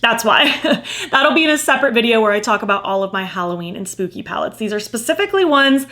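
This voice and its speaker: A woman's voice: on the high side, lively intonation, fast, pushed and bright. Gushing young woman reviewing makeup. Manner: gushing, enthusiastic, lots of fillers like "like" and "so cute". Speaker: beauty vlogger. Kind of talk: casual product review.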